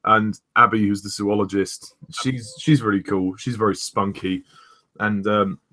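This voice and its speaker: A young man hosting a casual review chat, rambling with many pauses and restarts. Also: on the low side, little pitch movement, bright, forceful tone. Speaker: host of a review discussion.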